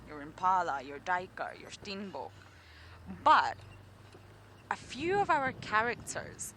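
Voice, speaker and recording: A Scottish woman guides a live game drive, playful and full of lively asides. Her voice is bright at a middling pitch, and a faint outdoor noise sits behind it. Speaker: safari guide. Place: open safari vehicle outdoors in the bush.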